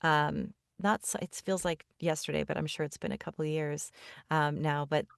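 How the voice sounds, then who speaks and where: A woman hosting a podcast interview, speaking in an earnest, soft-spoken and affirming way. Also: low voice, steady tone, normal speed, vocal fry, clean tone, no room sound, clean studio sound. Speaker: podcast host. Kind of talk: conversational interview.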